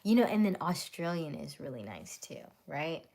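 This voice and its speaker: A woman's voice: deep voice, sing-song, moderate pace, vocal fry, darkish tone. A woman hosting a casual livestream, chatting with viewers and answering their comments, often laughing. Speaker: livestream host. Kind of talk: casual live chat with viewers.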